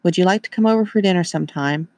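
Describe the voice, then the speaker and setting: A man's voice: sits high, racing, darkish tone, no room sound. A man voicing a friendly, chatty middle-aged mother.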